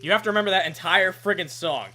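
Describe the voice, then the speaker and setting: A man's voice: sits high, fast talker, pushed and bright. A young man casually commentating a video game, wry and rambling, with the odd swear and aside. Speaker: let's play commentator. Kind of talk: game commentary, reading dialogue aloud.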